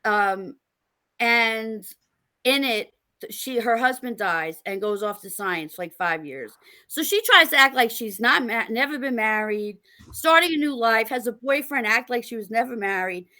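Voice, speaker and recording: Middle-aged woman guest, animated storyteller, bright and fairly high voice. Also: normal speed. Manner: animated, laughing storyteller acting out quotes. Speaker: podcast guest, author. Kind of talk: casual interview storytelling.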